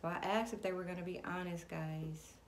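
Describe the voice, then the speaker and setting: Low-voiced woman doing a tarot reading. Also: fairly even intonation, brisk. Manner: chatty, talks straight to viewers and to spirit. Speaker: tarot reader. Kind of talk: casual tarot reading to camera. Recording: echoey room with background noise.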